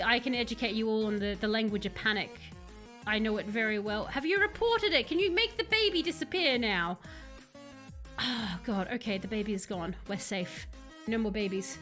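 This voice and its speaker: A woman with a high, bright voice chats her way through a live horror game stream from her home computer. She talks straight to her viewers, jumpy and chatty, with music playing faintly behind her.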